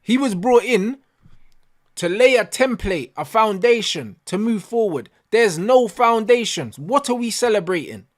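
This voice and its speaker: A man rants through a post-match reaction, his voice sitting high for a man. He speaks in street slang and repeats his complaints again and again for emphasis. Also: animated, a little slow. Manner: ranting, heavy slang, repeats himself. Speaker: football fan channel host.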